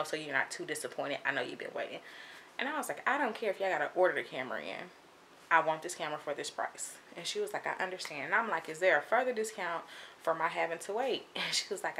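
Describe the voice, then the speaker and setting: Young woman telling a storytime, bright voice, a bit low, acts out the dialogue, faint hiss in the room. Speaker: vlogger. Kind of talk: casual storytime.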